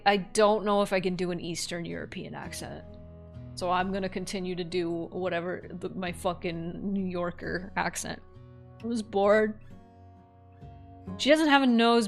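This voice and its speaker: A woman's voice: fairly low pitch, fairly bright tone. Woman reading a game with wry asides. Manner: wry, offhand commentary. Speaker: streamer. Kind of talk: reading a horror text game aloud with asides.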